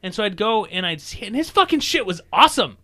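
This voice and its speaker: Excitable young man, bright voice. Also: sits high, quick pace. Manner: excitable, swears freely. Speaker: podcast host. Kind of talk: casual chat.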